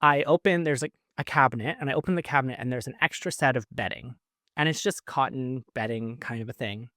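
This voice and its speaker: A man's voice: medium pitch, fairly quick, sharp tone, no echo, clean studio sound. A man from Canada, hosting a podcast and telling a personal story in a chatty way, full of fillers and laughs. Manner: chatty, lots of "like" fillers, laughs between lines. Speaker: podcast host. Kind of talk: casual storytelling.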